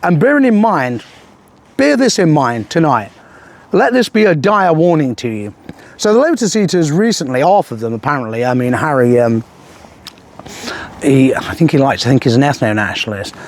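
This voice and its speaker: An older man from England ranting through a political monologue, aggressive, profane and threatening, with halting restarts. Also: on the high side, sing-song. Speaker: political commentator.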